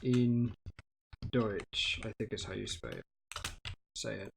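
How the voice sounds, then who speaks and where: Slow, hesitant man thinking aloud. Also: fairly low pitch, steady tone, vocal fry, slight background noise. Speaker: streamer teaching himself a language. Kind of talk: casual self-study livestream.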